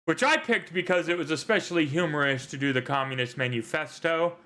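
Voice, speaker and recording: Bright-voiced joking male game master. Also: on the high side, brisk. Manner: joking, rambling with fillers. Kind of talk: livestream tabletop game hosting.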